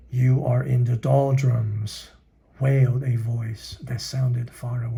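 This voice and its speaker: Man reading a kids book out loud, explains words as he goes, gravelly deep dark voice, whispers sometimes. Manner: reads slowly, stops to explain words in another language; drops to a whisper at times. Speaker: reader and teacher.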